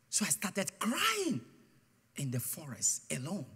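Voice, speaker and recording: A man preaching a guest sermon, telling his testimony with mounting passion and bursts into shouted declarations. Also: sits high, huge pitch swings, a little slow, slightly rough. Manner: impassioned storytelling, swelling to shouted declarations. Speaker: guest pastor. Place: church sanctuary. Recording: long church hall reverb.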